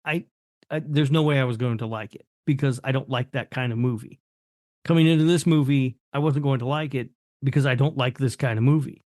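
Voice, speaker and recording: A man co-hosting a horror movie podcast, casual and blunt, flatly dismissive. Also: mid-range voice, brisk, dry recording, studio quality. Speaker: podcast co-host. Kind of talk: casual chat.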